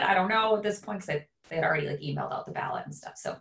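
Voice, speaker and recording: A woman in her thirties, a podcast co-host, telling a story in a casual, animated way. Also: on the low side, racing, vocal fry, hardly any pauses. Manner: animated, acts out quoted voices.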